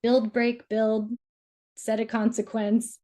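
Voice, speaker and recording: A woman dating coach talks through relationship advice in a loose, chatty way. She fills her talk with "like" and slips into quoted voices. Her tone is mellow and relaxed. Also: on the high side, slow pace. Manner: chatty, says "like" often, acts out quoted voices.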